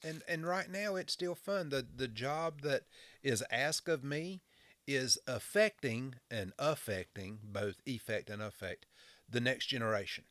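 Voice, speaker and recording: A man's voice: mid-range voice, animated, a little slow, fairly bright tone, dry recording. A man in his fifties from western North Carolina with a Southern drawl, chatting as a podcast guest in a folksy, joking way, often restarting his words. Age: 50s. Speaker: fire chief, podcast guest. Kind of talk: casual chat.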